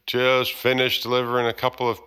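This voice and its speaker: A man's voice: medium pitch, completely flat delivery, fairly quick, sharp tone, clear, resonant tone, no echo, studio quality. A man narrating a first-person heist story, breaking into wry, self-mocking asides to himself.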